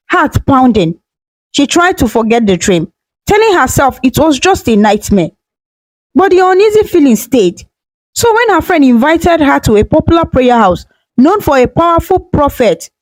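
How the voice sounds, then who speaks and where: A woman storyteller narrating a scripted folktale in a steady, dramatic way on a close microphone. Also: sits high, no echo, poor audio.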